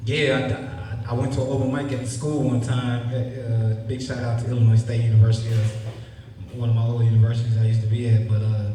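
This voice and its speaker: Profane young comedian in an echoey hall. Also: male voice, mid-range voice, brisk, distant mic. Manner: loose, profane, animated storytelling. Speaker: stand-up comedian. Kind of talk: stand-up set then casual interview. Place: stage in a cinema. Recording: echoey hall, voice from off mic, faint noise.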